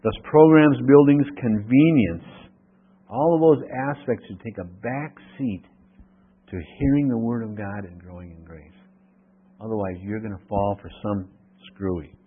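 A man's voice: lowish voice, measured pace, slightly rough. A man preaching an expository Bible sermon. He reads scripture aloud, then explains it and asks the congregation questions. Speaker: pastor. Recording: tinny phone-like radio broadcast.

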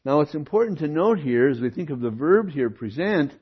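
An older man preaching an expository sermon, teaching in an animated way with rhetorical questions and occasional comic asides. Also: fairly high pitch, brisk, slightly rough. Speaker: pastor. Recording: dull lo-fi sermon recording.

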